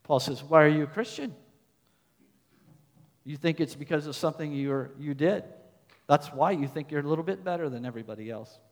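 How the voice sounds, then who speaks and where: A man delivers a sermon in a slightly high voice, reading scripture aloud and hammering his points through repetition. His voice swells for emphasis, then drops soft. A long reverb trails each phrase, as in a large hall. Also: fast. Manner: emphatic, rising to loud stresses then dropping soft; repeats phrases, reads scripture verses aloud. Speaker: pastor.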